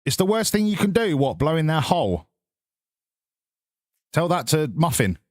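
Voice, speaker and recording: A man's voice: on the high side, very animated, normal speed, darkish tone, no room sound, clean studio sound. A man streaming a game, chatting casually, swearing and riffing sarcastically while reading chat. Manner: sweary, sarcastic, rambling, reads chat aloud.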